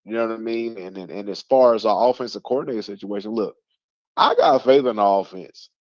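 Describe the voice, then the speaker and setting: A man's voice: lowish voice, brisk, dry recording. A man hosting a casual sports talk show, rambling with lots of fillers and restarts. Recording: dull lo-fi stream audio.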